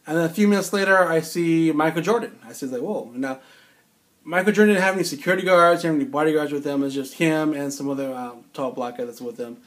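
Guy in his 40s telling a story off the cuff, kinda rambly, like he still can't believe it, slightly high voice. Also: quick pace. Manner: rambling, incredulous retelling. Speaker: storyteller recalling film-set security work. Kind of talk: casual spoken anecdote.

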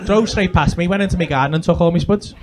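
A man's voice: high voice, fast, heavy background noise. Liverpool man doing rowdy stand-up. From England. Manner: swearing, shouts sound effects and battle cries. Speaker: stand-up comedian. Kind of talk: stand-up storytelling. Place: comedy club with audience laughter.

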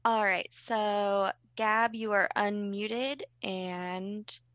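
A woman's voice: medium pitch, steady tone, drawn-out words, fairly bright tone, clear, resonant tone, no room sound, muffled recording. A woman moderating the webinar questions and calling on the next participant.

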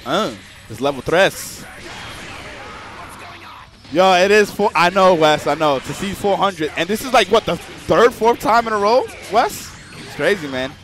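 A young man commentating a fighting game live, excitable and joking with chat, swearing freely. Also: high-pitched, measured pace, a little hiss or hum.

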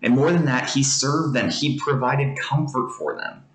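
A man's voice: medium pitch, steady tone, measured pace, fairly bright tone. Conversational man teaching in a roomy space. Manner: conversational, earnest, explains with everyday examples. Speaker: pastor giving a video devotional. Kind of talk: devotional teaching. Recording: roomy echo.

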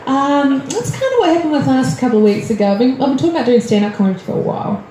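An Australian stand-up comedian on a comedy club stage rattles through a nervous, self-deprecating set very fast, her high voice animated and dark in tone. She's chatty and full of ums, and the roomy club carries faint crowd noise.

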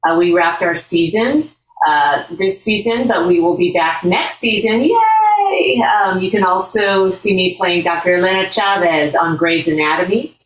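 A woman's voice: fairly low pitch, normal speed, roomy sound, recorded from a distance, rough recording. A woman, an actress and voice actor, chatting casually and upbeat about her projects on a video call. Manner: warm, upbeat, a little rambling. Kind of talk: casual panel chat.

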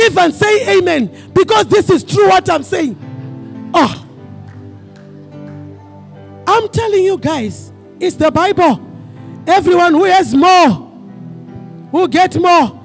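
A pastor preaching a sermon to his congregation, asking them questions for call-and-response and often breaking into fervent shouting. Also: very high voice, lively intonation, slow, creaky, pauses often, faint music behind. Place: church service.

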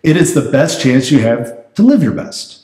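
A man pastor preaching a sermon in a conversational, animated way. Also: mid-range voice, moderate pace, echoey room. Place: church sanctuary.

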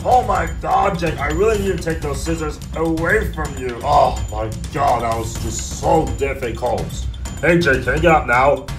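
A man's voice: on the high side, moderate pace, echoey room, over music. A man voicing a cartoon, talking in a whiny, exasperated way. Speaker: cartoon narrator and voice actor. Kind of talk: cartoon acting.

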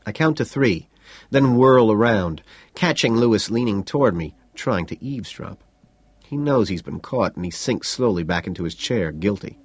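A man reading a novel aloud as an audiobook, in an even, understated first-person narration. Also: fairly low pitch, moderate pace, slightly rough. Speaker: audiobook reader.

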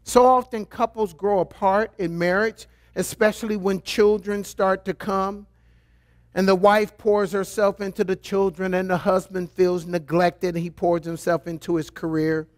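A male pastor preaching a sermon, reading scripture and turning to playful, animated asides to the congregation. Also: high voice, normal speed.

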